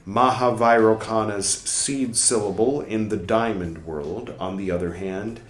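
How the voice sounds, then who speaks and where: A man reading a book aloud for a podcast, carefully and deliberately, now and then adding wry muttered asides. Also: fairly low pitch, slight background noise. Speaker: podcast reader. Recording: roomy echo.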